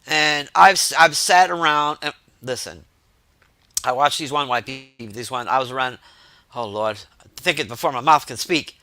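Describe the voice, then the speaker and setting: A man telling profane, exasperated stories to his stream chat in a casual, animated rant. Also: mid-range voice, moderate pace, dry recording.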